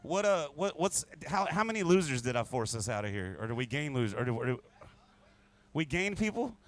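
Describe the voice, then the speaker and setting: A man's voice: mid-range voice, big pitch swings, brisk. A man who is a musician guest, drinking whiskey and chatting casually between songs in a rambling, crude, joking way.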